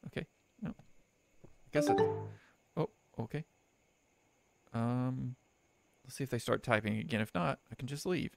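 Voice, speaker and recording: Young guy with a gravelly voice playing a cheesy horror game, jokey deadpan commentary, desk mic, faint music underneath. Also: mid-range voice, a little slow, pauses often. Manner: joking, sarcastic, laughs often. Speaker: gaming let's player. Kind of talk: let's play commentary, reading game text aloud. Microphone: desk microphone.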